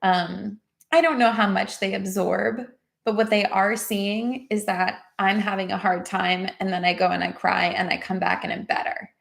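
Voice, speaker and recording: A woman hosting a livestream, telling a personal story in a chatty, animated way and reading out chat comments. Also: mid-range voice, moderate pace, gravelly. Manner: chatty and animated, quotes others in lively voices, laughs readily. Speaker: host of an emotional healing livestream. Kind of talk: casual storytelling and coaching on a livestream.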